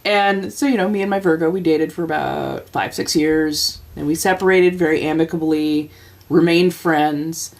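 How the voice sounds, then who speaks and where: Chatty woman with a low voice. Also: moderate pace, a little mellow. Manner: chatty, laughs often, acts out quoted voices. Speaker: livestream host. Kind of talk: casual storytelling chat.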